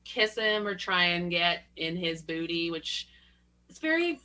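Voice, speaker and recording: A young adult woman co-hosts a casual podcast chat with a bright, forceful tone. She tells animated, profane stories full of quoted voices and laughs often. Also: lowish voice, measured pace. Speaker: podcast co-host.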